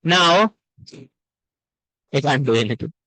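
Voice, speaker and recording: A man's voice: a little high, expressive, slow, pushed and bright, dry recording, low-quality recording. A man teaching a live online coding class, repeating himself and calling students sir and ma. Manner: repetitive, addresses students as sir and ma.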